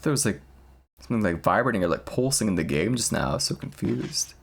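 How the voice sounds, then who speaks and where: A man's voice: lowish voice, animated, fast talker, creaky, slightly rough. A young man streaming a game, chatting casually in a rambling, crude, jokey way and laughing often. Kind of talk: casual gameplay chat.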